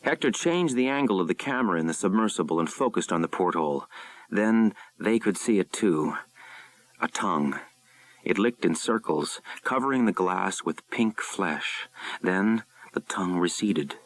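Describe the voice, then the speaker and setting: A man narrating a thriller audiobook in a measured, suspenseful way. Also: low voice, lively intonation. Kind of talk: scripted narration.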